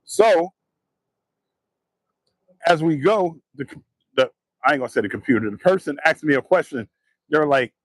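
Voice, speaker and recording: A man on a heated, profanity-laced rant, his voice sitting fairly high as he tells a story with lively energy. The sound is dry and close, with no room around it. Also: moderate pace, dry recording. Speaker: vlogger. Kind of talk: casual vlog rant.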